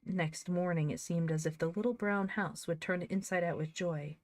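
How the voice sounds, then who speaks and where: A woman narrating an audiobook of a children's classic in a lively, expressive reading. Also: lowish voice, moderate pace, no echo. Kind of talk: scripted storybook reading.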